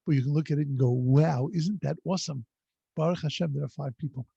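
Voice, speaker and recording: A man's voice: fairly high pitch, fast, gravelly, dark tone, breathy edge, dry recording, highs cut off. A man, a rabbi, teaching a class in a rambling, anecdotal storytelling way over a video call. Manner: rambling anecdotal delivery with frequent restarts. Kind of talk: conversational storytelling lesson.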